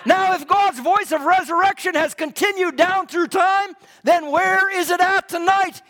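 A man preaching a fervent sermon in a church, repeating his lines and swinging from loud to hushed. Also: very high-pitched, unhurried. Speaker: pastor. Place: church hall. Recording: long hall reverb.

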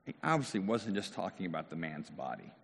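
A male pastor giving a lively, conversational sermon. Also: sits low, fast talker, vocal fry, breathy edge. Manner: animated, conversational preaching. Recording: long hall reverb.

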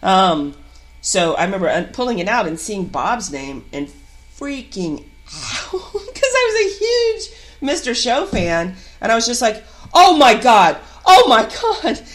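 A woman actor telling a story in a casual podcast chat, animated and laughing between bursts of excitement. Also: mid-range voice, a little slow, slight background noise. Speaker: guest actor.

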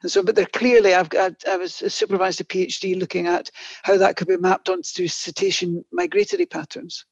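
A woman historian with a Scottish accent, telling stories in an expressive, chatty way as an interview guest. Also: on the low side, fairly quick, no room sound. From Scotland. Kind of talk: animated storytelling interview answers. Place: office in Orkney. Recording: dull, dry lo-fi audio.

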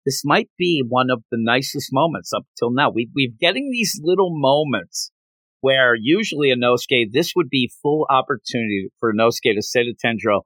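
A man's voice: mid-range voice, lively intonation, moderate pace, fairly bright tone, no echo. A man co-hosting a podcast, recapping a manga chapter in casual chat and acting out the characters' lines. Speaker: podcast co-host.

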